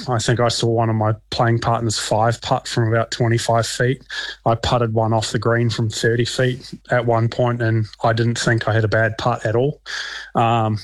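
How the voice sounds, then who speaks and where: Relaxed New Zealand man, flat low-key delivery. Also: no room sound. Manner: relaxed, rambling, many ums and restarts. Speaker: professional golfer. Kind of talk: casual interview answers.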